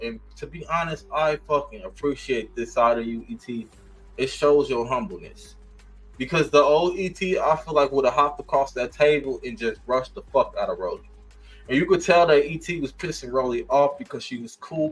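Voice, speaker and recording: A man's voice: mid-range voice, slightly rough, low-quality recording. A man reviewing a reality show, cursing, laughing often and talking with sass. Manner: profane, sassy and animated, laughing often. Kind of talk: casual commentary rant.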